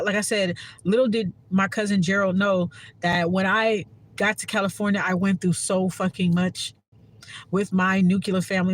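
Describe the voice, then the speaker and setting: Emphatic, profane woman vlogging. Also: lowish voice. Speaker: spiritual content creator. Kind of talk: casual monologue to camera.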